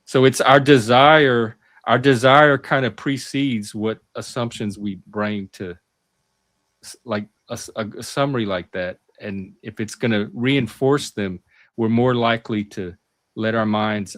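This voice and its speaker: A man's voice: on the low side, fairly even intonation, a little slow, fairly bright tone, no room sound, clean studio sound. Emphatic man arguing his point. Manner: emphatic, argumentative, repeats words when starting. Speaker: host. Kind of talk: casual discussion.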